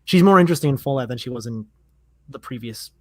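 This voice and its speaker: A man's voice: mid-range voice, lively intonation, fast, no echo. A man talking casually as a podcast guest, rambling with plenty of fillers and enthusiasm.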